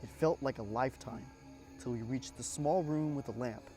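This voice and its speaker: A man tells a spooky war story in the first person, measured and suspenseful. His voice is dark and mellow at a middle pitch, and soft music plays underneath. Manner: measured, suspenseful, with casual asides. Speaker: horror story narrator.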